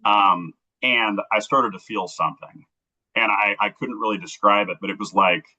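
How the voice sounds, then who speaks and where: Low-voiced, earnest man telling his story. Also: steady tone, moderate pace, bright, forceful tone, dull audio. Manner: earnest, heartfelt storytelling that acts out remembered dialogue. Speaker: interview guest. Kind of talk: telling a personal story on a livestream.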